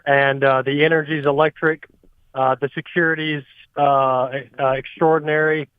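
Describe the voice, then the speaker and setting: A man's voice: on the high side, little pitch movement, normal speed, clean tone, no room sound. A man reporting by phone from inside a busy restaurant, talking steadily with many fillers. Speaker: radio co-host reporting on location. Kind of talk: casual on-location report. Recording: phone-like line.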